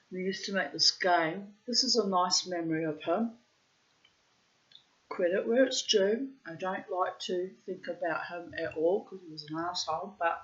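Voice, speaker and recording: A woman telling personal stories in a frank, rambling monologue and swearing freely. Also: on the low side. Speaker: vlogger. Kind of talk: candid storytelling monologue. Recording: slightly dull lo-fi sound.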